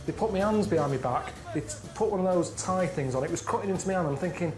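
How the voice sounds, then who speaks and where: Deadpan grumbling man. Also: high-pitched, fast talker, reverberant, music in the background. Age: 30s. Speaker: guest on a comedy commentary. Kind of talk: casual comedy chat.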